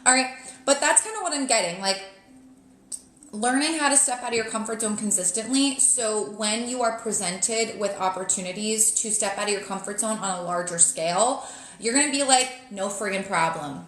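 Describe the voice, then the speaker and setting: A woman's voice: fairly high pitch, normal speed, fairly bright tone, roomy sound. A woman in her thirties with a New Jersey accent, giving a live tarot reading in a chatty, blunt way. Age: 30s. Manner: chatty, blunt, laughs often, lots of "like". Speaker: tarot reader.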